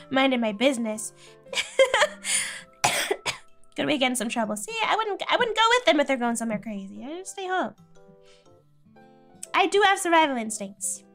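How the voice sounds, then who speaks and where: A woman streamer chatting casually with viewers, telling a family story and laughing often. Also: high voice. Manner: animated, quotes relatives in voices.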